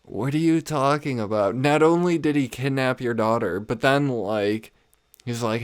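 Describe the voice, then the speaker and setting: A young man speaks at normal speed in an expressive, smooth mid-range voice, hosting a casual comedy podcast from a home room. He rambles, swears heavily, and keeps laughing at his own stories. The sound is dry and clean, studio-like.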